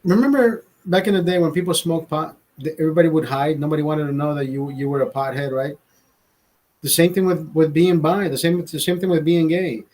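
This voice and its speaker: Male streamer, voice a bit high, loose profane rambling, stammers and restarts, casual chat to viewers. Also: fairly even intonation, brisk, a little mellow, low-quality recording. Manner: laughs at own jokes. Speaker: livestream host.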